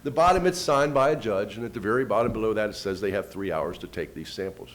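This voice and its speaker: A man giving a first-person storytelling talk, retelling events with quoted dialogue and lively shifts in pitch and loudness. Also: fast. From United States. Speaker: invited speaker.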